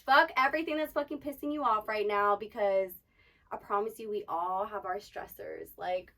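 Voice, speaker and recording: Bright, blunt young woman hyping listeners. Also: medium pitch, moderate pace, far from the mic. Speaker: podcast co-host, dancer. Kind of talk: casual chat, giving pep-talk advice.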